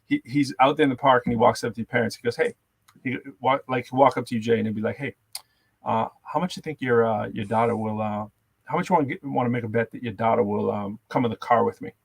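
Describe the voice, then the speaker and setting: A man co-hosting a casual talk show, telling stories with lively acted-out voices. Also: quick pace, creaky, slightly rough, no room sound. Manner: animated storyteller, acts out quotes in high voices. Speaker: co-host. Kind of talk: casual podcast chat.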